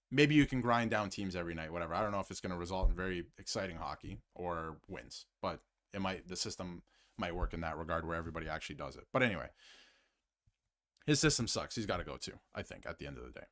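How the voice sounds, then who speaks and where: Male sports host, fired-up rant, animated pitch, repeats himself for emphasis. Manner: heated and emphatic, repeats phrases, swings between loud outbursts and muttered asides. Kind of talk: fired-up solo hockey rant to camera, reading super chats.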